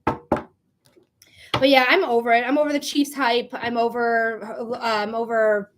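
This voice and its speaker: A woman's voice: a little high, little pitch movement, slow, a little hiss or hum. A woman hosting a live psychic reading stream, chatting casually in a blunt, profane way with frequent laughs. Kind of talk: casual livestream chat.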